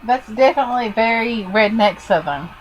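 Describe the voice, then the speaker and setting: Playful, slightly high-voiced woman co-host. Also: expressive, moderate pace, muffled recording, a little hiss or hum. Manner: playful, lightly teasing storyteller. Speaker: podcast co-host. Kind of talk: casual chat, reading news stories.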